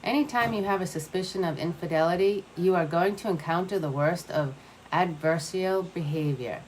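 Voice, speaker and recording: A wise old grandmother speaks in a low, calm and gentle voice, as a woman narrator voices her. She takes her time over each sentence. A faint room hum lies under her words. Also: normal speed, natural voice, rough recording.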